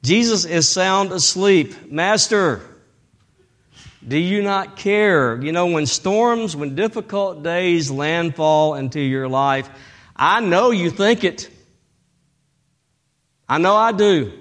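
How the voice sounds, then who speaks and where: A male pastor preaching a sermon dramatically, swinging between loud bursts and hushed tones. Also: on the high side, lively intonation, slow.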